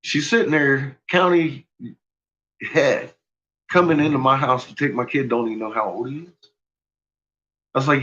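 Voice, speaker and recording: A man's voice: medium pitch, fairly even intonation, normal speed, pauses often, bright, forceful tone, lo-fi sound. A man casually telling a personal story, swearing freely and laughing often as he talks.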